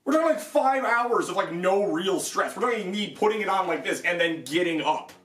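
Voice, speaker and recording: A man's voice: moderate pace, a bit bright, far from the mic. Exasperated man ranting in an echoey room. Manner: exasperated ranting, voice jumping high in disbelief, swearing. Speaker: armor reviewer. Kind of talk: frustrated product review.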